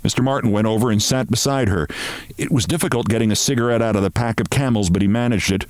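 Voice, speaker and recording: A man hosting a show, reading a short story aloud in an expressive, measured way. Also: fairly low pitch, dry recording.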